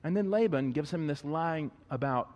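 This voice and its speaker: A man preaching a sermon, animated, jumping from loud, high-pitched bursts to low, quiet asides. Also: normal speed. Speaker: pastor. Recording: long reverb of a large hall.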